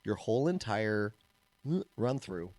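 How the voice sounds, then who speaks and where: A man co-hosting a casual podcast, an animated storyteller who laughs often and trails off and restarts. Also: on the low side, slow, dry recording. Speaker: podcast co-host, martial arts instructor.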